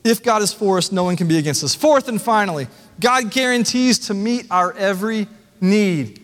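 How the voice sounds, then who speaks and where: A man's voice: sits high, normal speed, fairly bright tone, in a large hall. A man preaching a sermon as the pastor, earnest and conversational, asking the congregation rhetorical questions. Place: church sanctuary.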